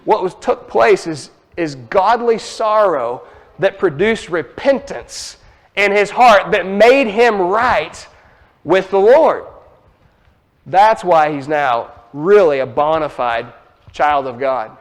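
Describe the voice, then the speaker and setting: A man with an Ozarks accent preaching a sermon, teaching emphatically with lively asides. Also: high-pitched, slow pace.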